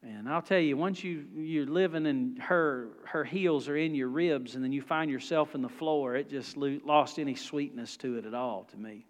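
A male pastor, preaching a sermon in a folksy, animated storytelling manner. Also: medium pitch, normal speed, few pauses, in a large hall.

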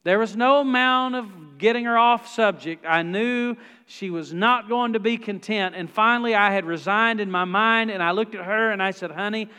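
A male pastor, preaching a sermon in a folksy, animated storytelling manner. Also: high-pitched, moderate pace, hardly any pauses, smooth, big-room sound.

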